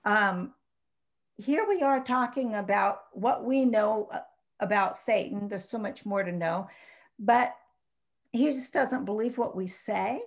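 A woman's voice: medium pitch, measured pace. A woman in a casual Bible discussion, thoughtfully asking questions.

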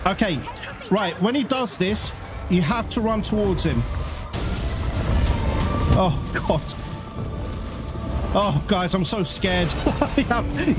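A man giving frantic, swear-filled live gameplay commentary as a gaming channel host. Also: sits high. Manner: excitable, swearing, nervous and frantic. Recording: loud game music behind. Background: loud game music.

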